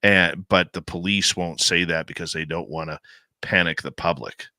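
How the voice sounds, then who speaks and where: Bright-voiced male talk radio host. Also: deep voice, moderate pace, dry recording, clean studio sound. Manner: upbeat promo delivery, conversational.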